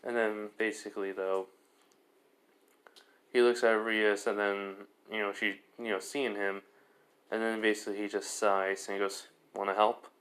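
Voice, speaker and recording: A man's voice: on the low side, little pitch movement, moderate pace, pauses often, fairly bright tone. A man casually retelling a fan-made story in a rambling way, heavy on fillers.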